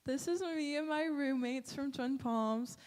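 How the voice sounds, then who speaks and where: A woman's voice: high voice, a little slow, darkish tone. Bubbly, giggly woman in a reverberant hall. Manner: bubbly, giggly, uses "like" and "literally". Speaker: mission trip presenter. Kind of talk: casual slideshow presentation. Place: church sanctuary.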